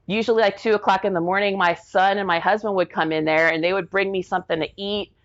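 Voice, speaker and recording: A woman's voice: medium pitch, fairly even intonation, quick pace, muffled recording. A woman in her forties, an Army veteran and interview guest, telling stories in a rambling, casual way full of "like" fillers. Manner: rambling, heavy use of "like", acts out quoted people.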